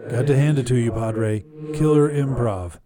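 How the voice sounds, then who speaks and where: A man voicing a sly, easygoing male minor demon in a low, relaxed, unhurried voice. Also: a loud crowd, close to an everyday voice. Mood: smug.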